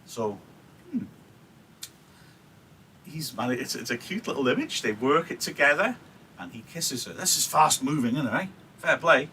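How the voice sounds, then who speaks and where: Chatty teacher, bright voice. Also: male voice, medium pitch, lively intonation, normal speed, long pauses, a little hiss or hum, low-quality recording. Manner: chatty, checks in with "yeah?" asides. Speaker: English teacher. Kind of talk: live-streamed literature lesson, reading and explaining.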